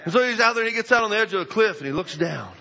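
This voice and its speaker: A man preaching a sermon, telling a story in an animated way with bursts of shouting. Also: high-pitched, very fast, vocal fry. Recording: echoey hall, dull lo-fi sound.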